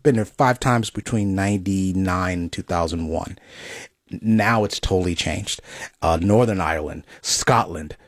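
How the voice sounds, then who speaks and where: Indignant male co-host, husky voice, dry studio sound. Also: sits low, a little slow, no echo. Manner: indignant, emphatic, trailing off. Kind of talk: casual political chat.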